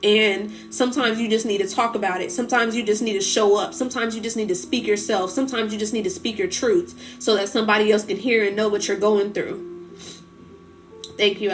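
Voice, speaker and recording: Emotional woman talking heartfelt on a livestream. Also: medium pitch. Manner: heartfelt, rambling, many "like" fillers. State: tearful, getting emotional. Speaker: spiritual livestream host. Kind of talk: emotional casual livestream talk.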